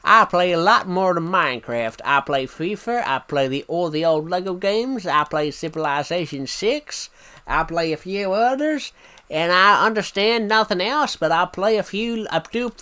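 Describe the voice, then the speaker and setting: Boastful Texan man, loud exaggerated drawl, pitched high, put on by a British streamer. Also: expressive, normal speed, smooth. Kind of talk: comic accent impression on a stream.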